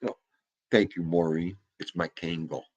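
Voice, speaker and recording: Husky, low-voiced man in his fifties. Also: steady tone, measured pace, a little mellow, muffled recording. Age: 50s. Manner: rambling, jokey, talks to his dog. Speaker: vlogger. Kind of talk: casual chat.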